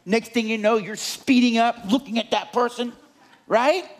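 A man preaching a sermon, animated and often asking the congregation questions. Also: very high voice, moderate pace.

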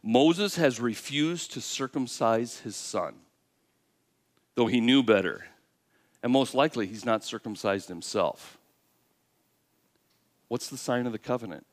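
A man's voice: medium pitch, measured pace, pauses often. A male pastor preaching a sermon, acting out the lines of the characters and putting questions to his listeners. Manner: animated storytelling, acting out God's and Moses' lines, asks the audience questions.

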